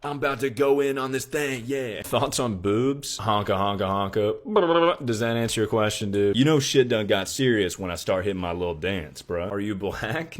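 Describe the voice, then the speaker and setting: Young guy streamer, kinda low voice, deadpan crude jokes one after another. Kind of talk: comedic stream chat.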